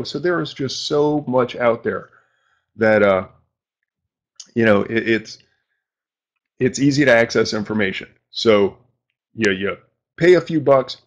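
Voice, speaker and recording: A man from New England hosting a live-stream show, talking informally with mild slang and self-deprecating asides, at his home desk. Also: mid-range voice. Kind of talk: casual live-stream chat. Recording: dull lo-fi stream audio.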